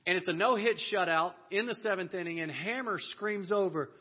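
A man telling a lively personal story to an audience, animated and laughing often as he acts out the people in it. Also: high-pitched, brisk, breathy edge. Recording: dull lo-fi audio.

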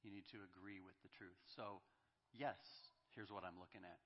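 A man preaches in an emphatic, lowish voice, pressing hard on key words. The recording is dull and muffled, with long reverb hanging in a church hall. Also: steady tone, moderate pace. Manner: emphatic, voices God's lines with rising force. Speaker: pastor. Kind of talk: sermon. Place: church sanctuary.

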